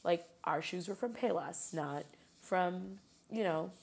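A woman from Chicago chats casually in a lowish, creaky voice at a slow pace. She tells stories animatedly, laughing often and using many fillers.

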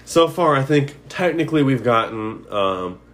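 A man's voice: mid-range voice, animated, normal speed, fairly bright tone. A young man co-hosting a podcast, joking and rambling with lots of fillers in casual chat. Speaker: podcast co-host.

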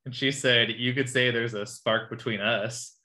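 Bright-voiced woman reading dating chats. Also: very deep voice, fairly even intonation, moderate pace. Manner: amused, laughing as she reads. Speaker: podcast co-host. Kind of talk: casual chat, reading dating messages aloud.

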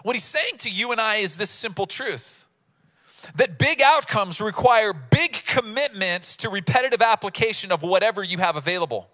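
A man preaching a sermon in a lively, casual way, acting out bits of the story in voices. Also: high-pitched, moderate pace. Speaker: pastor.

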